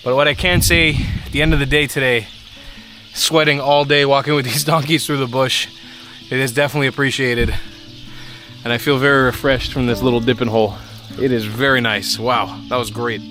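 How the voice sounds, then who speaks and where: A man's voice: medium pitch, fairly even intonation, brisk, bright, forceful tone. A young man talking to his camera outdoors in the countryside, a casual and candid travel vlogger who swears now and then. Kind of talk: casual travel vlog talk. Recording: music playing underneath the voice.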